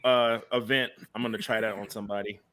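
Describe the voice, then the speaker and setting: A young man hosting a casual chat, telling stories in an animated way, laughing and swearing often. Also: lowish voice, fast talker, slight background noise. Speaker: podcast host.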